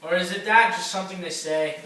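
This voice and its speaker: Man doing fretful old mother, plaintive, needling, fairly high, echoey room, far off. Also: a little fast, heavy background noise, natural voice. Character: frail, whiny old Irish mother. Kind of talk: amateur stage-play acting.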